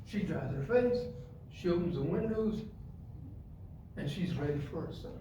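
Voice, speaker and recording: A male preacher giving a sermon, dropping to quiet asides and rising to loud, emphatic points as he directs the congregation. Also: on the high side, animated, measured pace. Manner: acts out stories and gives the congregation physical directions. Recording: echoey hall, mic far off, faint room noise.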